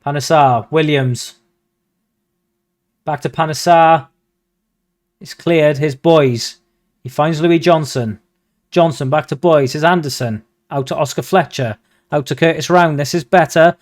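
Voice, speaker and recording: A young man, commentating his own football management game with excitable, mock-commentator energy. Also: fairly high pitch, measured pace, long pauses. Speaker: gaming video host.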